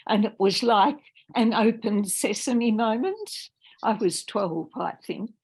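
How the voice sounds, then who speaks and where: An older woman, a poet introducing and then reading her own verse in a measured, deliberate way. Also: mid-range voice, gravelly, darkish tone, husky. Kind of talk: poetry reading with spoken introduction.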